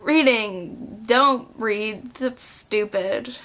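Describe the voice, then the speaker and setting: Scoffing boorish villain as a woman mimics him, sneering, dismissive, higher-pitched. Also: drawn-out words, fairly bright tone, heavily acted. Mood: mocking.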